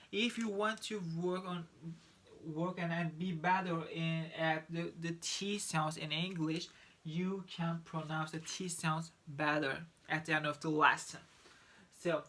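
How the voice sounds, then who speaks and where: Slow, halting Turkish-accented male teacher. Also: a little high, a bit bright. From Turkey. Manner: halting, many restarts and repeated words. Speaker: English pronunciation teacher. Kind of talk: online lesson.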